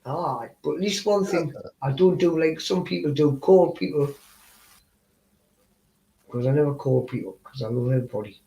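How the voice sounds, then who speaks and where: Gravelly Geordie man on a call. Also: a little high, moderate pace, dark tone. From Newcastle upon Tyne, England. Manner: joking, thick accent that others struggle to follow. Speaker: panel guest. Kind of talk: casual panel chat on a livestream. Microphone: video call.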